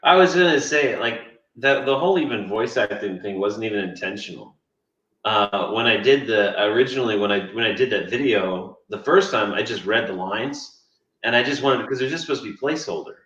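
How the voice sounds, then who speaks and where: A man's voice: on the low side, a little fast, a bit bright. A man co-hosting a casual livestream, telling a story in a chatty way and laughing often. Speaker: game developer and co-host. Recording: roomy, distant, dull sound.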